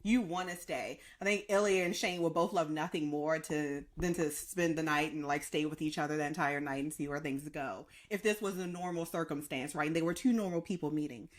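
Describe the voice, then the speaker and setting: A woman co-hosting a podcast in casual chat, gushing and animated as she breaks down scenes. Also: low-pitched, brisk, hardly any pauses. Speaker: podcast co-host.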